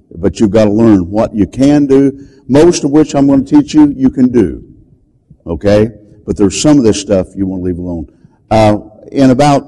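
Older preacher guy, low voice, swings up and down a lot, tells it big and dramatic. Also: rough recording. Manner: dramatic, shouts quoted commands, repeats words. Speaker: deliverance preacher. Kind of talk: storytelling sermon.

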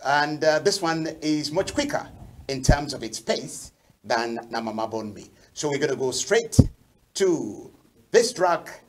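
A man hosting a talk show, speaking in a measured, polite way as he questions a guest and introduces music. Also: on the high side, expressive, background noise. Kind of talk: formal interview hosting.

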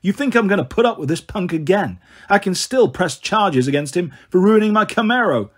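A man voicing a boorish middle-aged stepfather who growls and sneers in a husky voice. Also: sits high, animated, a little fast, pitched above the performer's own voice. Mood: sneering.

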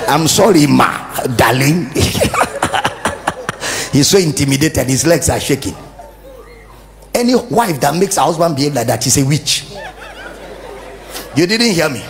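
A man with a Nigerian English accent preaches a humorous, animated sermon. His voice is gravelly and fairly high, and it rises and falls widely as he turns his points into little acted scenes. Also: normal speed, pauses often, a faint crowd. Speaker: pastor. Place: church service.

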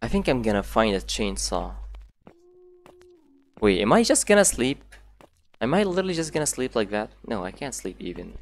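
A man narrating his own play through a horror game, thinking aloud and cursing as he goes. He speaks as an at an ordinary mid pitch. His talk jumps between quiet muttering and sudden loud alarm. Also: big pitch swings, normal speed, long pauses. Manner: swears, talks to himself, thinks aloud. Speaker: gameplay commentator. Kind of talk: let's play commentary.

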